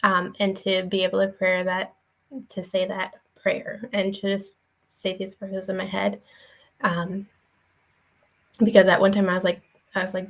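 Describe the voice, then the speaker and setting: A woman's voice: mid-range voice, completely flat delivery, measured pace, pauses often, poor audio. A young woman giving a casual devotional talk in an earnest, conversational way, with many fillers and restarts. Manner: earnest, shares personal story. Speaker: faith vlogger and parent.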